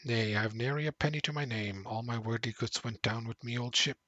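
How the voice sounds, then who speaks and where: A man voicing a gruff old one-legged male pirate who talks in heavy pirate slang with a slow growl. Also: medium pitch, sharp tone, dry recording, dull audio.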